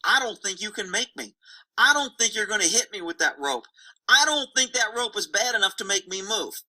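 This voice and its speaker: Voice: medium pitch, expressive, moderate pace, bright, forceful tone, poor audio. A horse trainer voicing a stubborn male horse that talks back in blunt, taunting slang. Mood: defiant.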